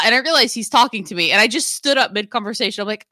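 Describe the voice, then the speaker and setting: Lively, bright-voiced woman storyteller. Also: mid-range voice, fast, few pauses, no echo, studio quality. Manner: animated storyteller, swears freely, acts out quotes. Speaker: podcast co-host. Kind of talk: casual chat.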